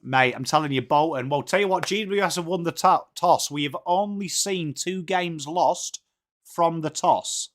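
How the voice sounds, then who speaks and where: A man's voice: a little high, normal speed. An English man hosting a casual live watchalong from home, chatting and greeting viewers by name. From England. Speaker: livestream host.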